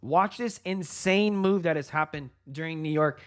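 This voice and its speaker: A man with a slightly high voice hosts a live trading stream and calls the market as it moves. He talks straight to his viewers as "guys" and "folks", hyped and excited, and often breaks into laughter. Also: moderate pace, few pauses, clean tone. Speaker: livestream trading host.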